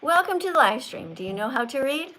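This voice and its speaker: A woman's voice: high voice, sing-song, fairly quick, bright, forceful tone, rough recording. An older woman hosting a live stream, talking like a strict teacher who corrects and lectures. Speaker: livestream host.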